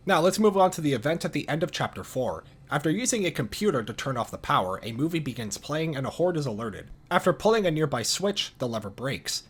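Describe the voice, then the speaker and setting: A man narrating video game lore in a calm, dry scripted style with casual swearing. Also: medium pitch, breathy edge.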